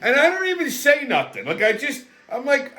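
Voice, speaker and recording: A male host rants on a comedic political show, brash, swaggering, and full of profanity. His voice is extremely high with wildly swooping pitch, a sharp tone, and a slightly fast pace.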